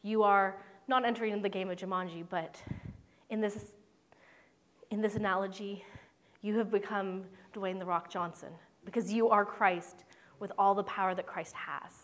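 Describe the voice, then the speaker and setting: A woman's voice: medium pitch, fairly even intonation, moderate pace, fairly bright tone. A woman pastor preaching a sermon in an earnest, conversational way with playful asides.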